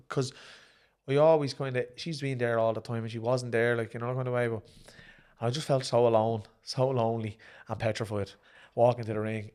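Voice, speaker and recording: Gravelly Irish man, casual storytelling. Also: mid-range voice. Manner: animated, acts out quoted speech in raised voices. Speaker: guest, former professional boxer and promoter. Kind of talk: casual storytelling in a sit-down interview.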